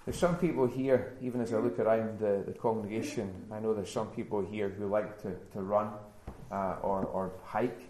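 A man's voice: fairly low pitch, steady tone, normal speed, dark tone. A male pastor preaching a sermon in a church, earnest and building to emphatic repetition. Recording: roomy church echo.

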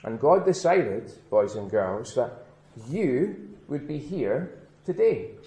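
A man as a pastor giving a children's address in church, speaking gently and slowly repeating key words for emphasis. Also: mid-range voice, sing-song. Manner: gentle, questioning children, slow emphatic repetition. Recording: echoey church room.

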